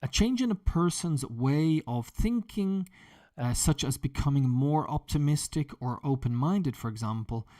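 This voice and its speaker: A man's voice: fairly high pitch, lively intonation, a little slow, dark tone. A man teaching an English lesson, explaining vocabulary with example sentences in a chatty way. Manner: chatty, with frequent fillers and restarts.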